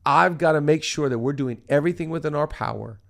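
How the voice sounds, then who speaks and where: A man's voice: on the high side, fast, creaky, fairly bright tone. A middle-aged man hosting a leadership podcast, talking in an emphatic, preacher-like way and repeating phrases for stress. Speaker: pastor and podcast host.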